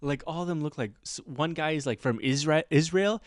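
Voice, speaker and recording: A man's voice: a little high, fairly quick, no room sound, clean studio sound. Man telling a story with voices. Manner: animated, acts out other people's voices. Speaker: podcast host. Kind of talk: casual storytelling chat.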